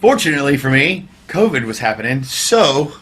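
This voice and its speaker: A man, a veteran musician telling his story in a casual interview, candid and wry, swearing freely and dropping into quiet asides. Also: medium pitch, very animated, normal speed, breathy edge. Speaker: podcast guest, veteran musician.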